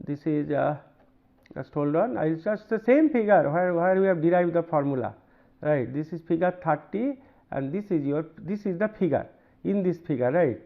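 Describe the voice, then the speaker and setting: A man with an Indian English accent giving a university lecture, working through examples with many pauses, repeats and "right?" checks. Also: on the high side, expressive, creaky. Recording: narrow phone-like band.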